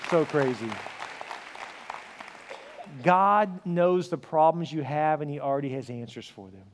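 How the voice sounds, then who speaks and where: A middle-aged male pastor telling a story in a sermon, acting out the dialogue and swinging from loud to hushed. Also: a little high, unhurried, some chatter behind, slight background noise. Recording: long hall reverb.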